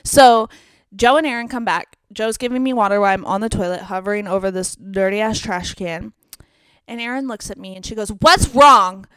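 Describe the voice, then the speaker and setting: A woman's voice: medium pitch, a little fast, clear, resonant tone, no echo. A woman in her twenties, co-hosting a podcast, animatedly retelling a night out and acting out her friends' lines. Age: 20s. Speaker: podcast co-host. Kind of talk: casual storytelling chat.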